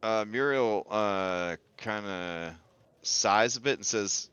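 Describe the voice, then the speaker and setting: A man narrating as game master in a tabletop game, unhurried and full of fillers. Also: lowish voice, fairly bright tone, clear, resonant tone, no echo.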